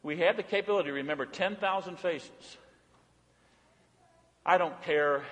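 A male pastor preaching a sermon, swinging between loud emphatic calls and soft hushed passages. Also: fairly high pitch, normal speed, long pauses. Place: church. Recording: long church reverb.

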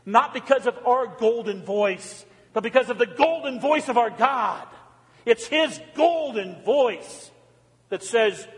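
A male pastor with a high voice preaches emphatically, firing rhetorical questions at his congregation. His words ring out with a long reverb from the church around him. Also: unhurried. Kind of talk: sermon. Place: church sanctuary.

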